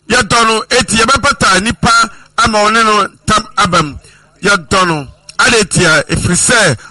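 A man preaching a sermon in measured phrases, citing scripture and repeating refrains. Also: sits high, pushed and bright, no echo, low-quality recording.

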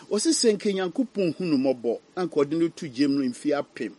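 A man preaching a sermon, his voice swinging between loud dramatic peaks and hushed low passages. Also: expressive, normal speed, few pauses, slightly rough, no room sound. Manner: switching between English and Twi, dramatic rises and drops.

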